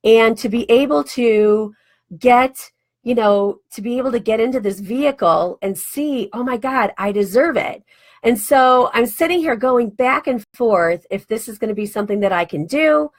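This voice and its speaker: Chatty higher-voiced woman in her forties. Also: normal speed. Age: 40s. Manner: chatty, animated, acts out quoted dialogue. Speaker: radio show host and life coach. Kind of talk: casual storytelling monologue.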